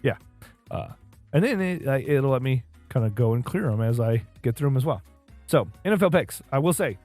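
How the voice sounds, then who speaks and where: A man's voice: mid-range voice, lively intonation, brisk, a little mellow, soft background music. A man co-hosting a casual podcast, chatting in a rambling way full of fillers and asides. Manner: rambling, filler-heavy, laughs at own asides. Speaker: podcast co-host. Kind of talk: casual chat.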